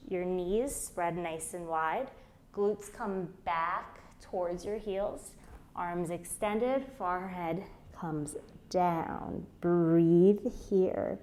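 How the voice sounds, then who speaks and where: A woman's voice: lowish voice, darkish tone, slight background noise. A woman leading a beginner plank workout, counting down holds and coaching form, strained while doing the moves herself. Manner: counts reps aloud while exercising, strained on hard holds. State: shaking from effort during holds. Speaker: fitness instructor. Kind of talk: guided workout instruction.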